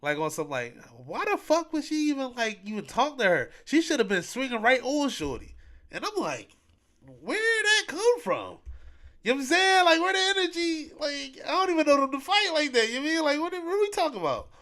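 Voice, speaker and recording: Animated slang-heavy man telling a story. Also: very high voice, quick pace. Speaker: podcast host. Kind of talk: casual podcast chat.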